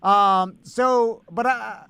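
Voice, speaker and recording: A man with a high voice co-hosts a comedy radio show and takes callers. He is easygoing and self-deprecating, often laughing. The sound is dry and close. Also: steady tone, drawn-out words, vocal fry, sharp tone, clean tone, no room sound. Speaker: co-host taking calls. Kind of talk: casual comedic banter.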